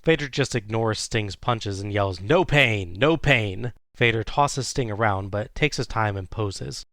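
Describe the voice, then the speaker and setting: A man's voice: on the low side, moderate pace, a bit bright, no echo, studio quality. A man hosting a podcast, recapping a wrestling match play by play in a casual way with small chuckles.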